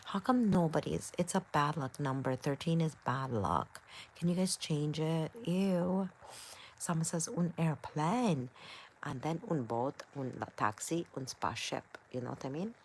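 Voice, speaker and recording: A woman's voice: low-pitched, measured pace, slight background noise. A woman hosting a livestream, reading chat comments in a scattered, playful, chatty way.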